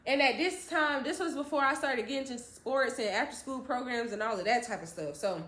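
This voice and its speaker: Woman vlogger, animated slangy storytime, high voice, echoey room. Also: brisk. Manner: animated, slangy, talks straight to viewers. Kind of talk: casual storytime.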